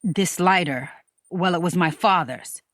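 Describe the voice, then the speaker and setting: A woman voicing a smooth, patronizing American man who keeps soothing his lover with pet names. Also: on the low side, unhurried, fairly bright tone, dry recording, clean studio sound, pitched below the performer's own voice. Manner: soothing, condescending endearments.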